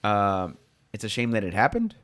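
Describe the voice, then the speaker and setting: A man's voice: fairly low pitch, big pitch swings, normal speed, fairly bright tone. A young man co-hosting a podcast, talking bluntly in casual chat and swearing freely. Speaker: podcast co-host.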